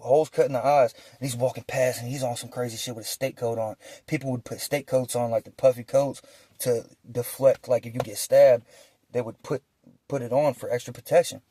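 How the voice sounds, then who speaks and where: Young adult man, storytelling, street slang, mellow voice, dry close sound. Animated, acts out dialogue. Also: mid-range voice, breathy edge, no echo. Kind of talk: casual prison storytime.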